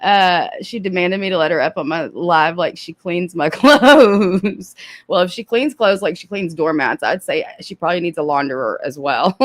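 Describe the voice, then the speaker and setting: A woman's voice: lowish voice, moderate pace. A woman hosting commentary on a live stream, sarcastic and often laughing, with casual swearing.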